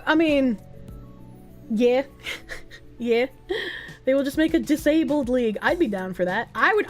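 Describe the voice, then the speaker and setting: A woman streamer chatting casually and reading viewer comments, rambling and joking, often laughing and swearing. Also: fairly high pitch.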